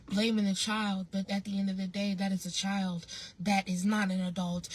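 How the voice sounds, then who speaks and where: A woman's voice: medium pitch, level tone, normal speed, darkish tone, rough recording. A woman vlogger telling a story in a casual monologue, blunt and emphatic, swearing freely and repeating phrases for emphasis.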